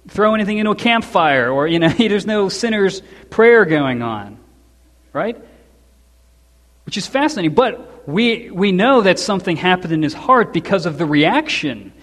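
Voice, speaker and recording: A man preaching an expository sermon in a church, telling the story conversationally with quick asides and chuckles. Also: high-pitched, in a large hall.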